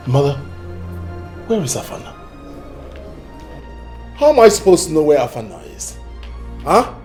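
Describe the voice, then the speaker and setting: A man playing an arrogant young prince who wants the throne, mocking and boastful, with a Nigerian accent. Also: high-pitched. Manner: boastful, mocking, shouting out bursts.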